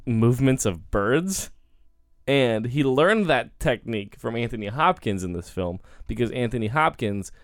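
Lively, chatty man reviewing a film. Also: mid-range voice, moderate pace, dry recording, clean studio sound. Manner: animated, jokey, lots of fillers. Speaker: podcast co-host. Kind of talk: casual movie review chat.

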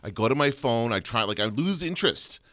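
A middle-aged man co-hosting a podcast, chatting casually and rambling with quick asides. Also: mid-range voice, lively intonation, fairly bright tone, no room sound, studio quality. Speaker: podcast co-host. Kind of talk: casual chat.

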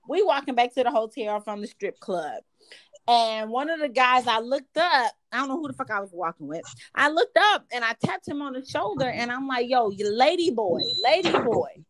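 A young woman telling a story in a brash, profane, animated way. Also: high voice, dry recording, low-quality recording. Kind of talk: casual storytelling.

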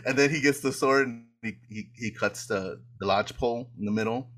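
A man's voice: medium pitch, fairly quick, a bit bright. A man co-hosting a casual podcast, rambling through a film retelling with frequent laughs. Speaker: podcast co-host. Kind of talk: casual rewatch chat.

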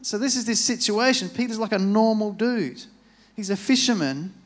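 A preacher with a high voice delivers a sermon at a moderate pace, speaking into a microphone in a church. His style is casual and chatty, like telling a story, and he acts out the quotes as he retells them.

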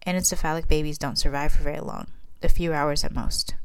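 Addison, a woman reading a calm doctor. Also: sits low, a little fast, clear, resonant tone. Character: female doctor, calm ex-wife.

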